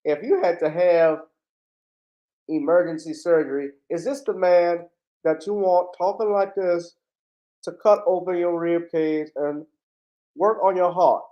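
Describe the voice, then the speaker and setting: A man's voice: fairly high pitch, measured pace, dull audio. A man hosting a livestream, giving blunt, indignant commentary and swearing freely. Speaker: livestream host. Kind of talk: heated commentary.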